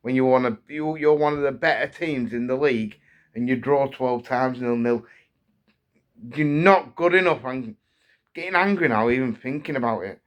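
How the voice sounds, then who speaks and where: Heated English football fan ranting. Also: male voice, mid-range voice, normal speed, highs cut off. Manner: heated, repetitive, building frustration. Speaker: football fan channel host. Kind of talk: angry fan rant to camera.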